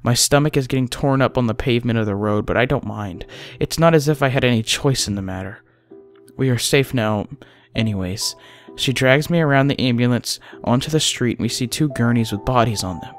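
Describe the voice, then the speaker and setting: A man narrating a first-person horror story, often dropping to a hushed, breathy delivery at tense moments. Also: medium pitch, fairly quick. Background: faint music.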